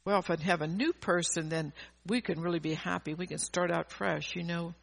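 A woman's voice: fairly low pitch, fairly even intonation, a little fast, creaky. An older woman preaching an earnest sermon, often repeating and restarting her phrases.

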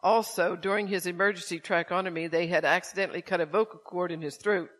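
A man preaches with a slightly high voice. He reads a story aloud, then turns to his listeners with pointed rhetorical questions about forgiveness. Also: fairly even intonation, fast talker, a bit bright. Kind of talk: sermon with story reading.

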